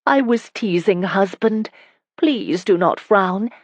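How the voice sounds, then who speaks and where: A woman's voice: mid-range voice, lively intonation, slow pace, dry recording, pitched above the performer's own voice. Woman voicing a teasing young noblewoman.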